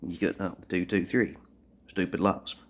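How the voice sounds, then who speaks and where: A man's voice: low voice, fairly even intonation, normal speed. A man from Tennessee talking casually into his phone, rambling through a gun review with blunt opinions. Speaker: gun owner vlogger.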